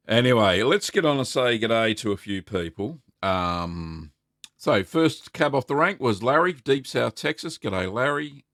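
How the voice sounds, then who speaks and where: A man's voice: fairly low pitch, fairly bright tone, no echo, clean studio sound. A middle-aged Australian man hosting a casual live stream, rambling in a friendly way and greeting viewers by name. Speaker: host.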